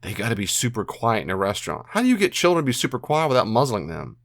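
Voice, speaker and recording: A man's voice: lowish voice, very animated, fast, fairly bright tone, no echo, clean studio sound. A man hosting a podcast, giving earnest Christian advice on anger and repeating phrases for emphasis. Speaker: podcast host answering a listener question.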